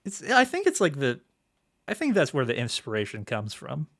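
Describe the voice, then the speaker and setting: Young man, casual podcast co-host, hesitant, many fillers, mid-pitched voice. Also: huge pitch swings, fairly bright tone. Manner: halting, filler-heavy recap with frequent "like" and "uh". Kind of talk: casual chat.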